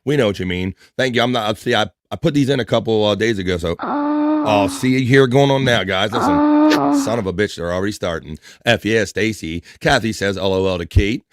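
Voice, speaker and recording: Male livestream host, lowish voice, playful and teasing, reading chat comments, dry close sound. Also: big pitch swings, fairly quick, no echo. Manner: playful, teasing, reads viewer comments aloud.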